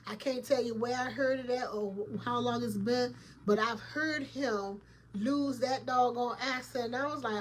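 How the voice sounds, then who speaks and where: A woman host rattling off opinions in a loose, colloquial commentary, speaking directly to her audience. Her voice sits a little high, and there is faint noise under the recording. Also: steady tone, moderate pace. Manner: chatty, opinionated, laughs often, addresses viewers directly; colloquial, emphatic. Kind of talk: casual commentary vlog.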